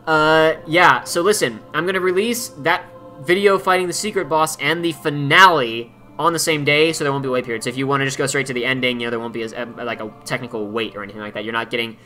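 A man's voice: mid-range voice, fast, sharp tone. A man hosting a let's play, chatting casually in an upbeat, rambling way over faint game music.

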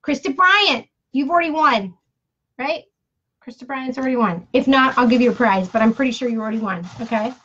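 A woman's voice: high-pitched, a little fast, pushed and bright. A woman hosting a casual live giveaway stream, chatty and playful with jokey asides. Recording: dull lo-fi live-stream audio.

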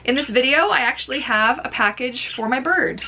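A woman's voice: sits high, normal speed, pushed and bright, slight background noise. A woman hosting a casual pet-bird unboxing vlog, chatty and giggly, with many fillers. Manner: chatty, giggly, talks baby talk to her bird. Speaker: vlogger.

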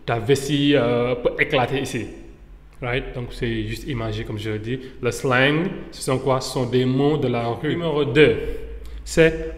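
A man teaching slang in a casual lesson, switching between French and English and acting out example phrases with drawn-out words. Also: mid-range voice, fairly even intonation. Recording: echoey room with long reverb.

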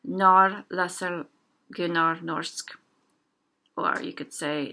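Woman teacher, slow careful delivery, bright tone, sounds out words one by one. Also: lowish voice. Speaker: language teacher. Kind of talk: casual spoken lesson.

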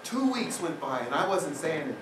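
A man with a fairly high voice tells a humorous personal story to an audience in a lecture hall. He is picked up from a distance, so his voice sounds roomy and echoey. There is a noisy background under his voice. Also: very animated, brisk. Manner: humorous, anecdotal, with wry asides. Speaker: guest speaker. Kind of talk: storytelling public talk.

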